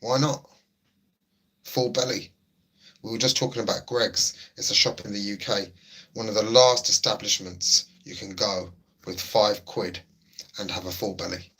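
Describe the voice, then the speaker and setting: A man's voice: on the low side, steady tone, measured pace, pauses often, bright, forceful tone, slightly rough. A middle-aged man, hosting a laid-back livestream chat and answering his viewers. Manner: chatty, repeats himself, laid-back banter. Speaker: livestream host. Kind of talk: casual livestream chat, reading chat.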